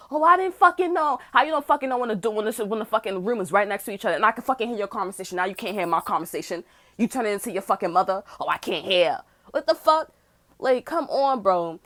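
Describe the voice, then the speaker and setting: A woman telling a story in a casual, heated rant, swearing often and acting out what other people said. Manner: profane, swings between loud outbursts and low mutters; acts out other people's lines mid-story. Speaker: tarot channel host.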